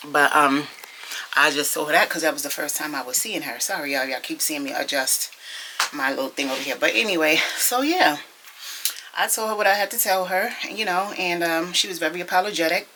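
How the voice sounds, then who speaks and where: Low-pitched young woman with a bright sharp tone, gossiping to her followers at home, a little hiss behind. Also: a little fast. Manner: animated gossipy storytelling, addresses viewers as y'all and child. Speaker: vlogger. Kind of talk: casual chatty vlog storytelling. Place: at home, indoors.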